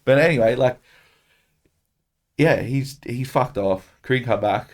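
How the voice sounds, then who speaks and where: Swearing Australian bloke telling stories. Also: male voice, medium pitch, a little slow. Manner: profane, animated, swears constantly. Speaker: podcast guest. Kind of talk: casual storytelling chat.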